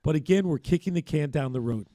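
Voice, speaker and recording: Measured man steering a sports chat. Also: a little high, dark tone, no room sound. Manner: measured, steering the conversation, dry quips. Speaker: sports talk show co-host. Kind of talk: live sports talk chat.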